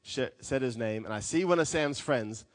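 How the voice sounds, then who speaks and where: A man preaching a sermon as a pastor, telling stories with lively acted quotes. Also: medium pitch, moderate pace, no room sound, clean studio sound. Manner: animated storytelling with acted quotes.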